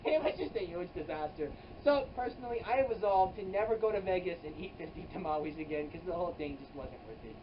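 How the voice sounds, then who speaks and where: A comedy vlogger telling an improvised comic story, rambling with frequent "like"s and restarts and sudden exaggerated jumps in pitch and loudness. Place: hot indoor room with an air conditioner running. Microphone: camera mic at some distance. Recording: distant, dull camera audio with faint air-conditioner hum.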